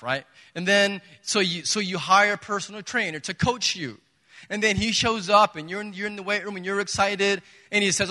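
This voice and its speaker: A man's voice: high voice, moderate pace, pushed and bright. A man preaching a sermon as pastor, emphatic and conversational, asking his listeners rhetorical questions. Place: church sanctuary. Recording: reverberant church hall.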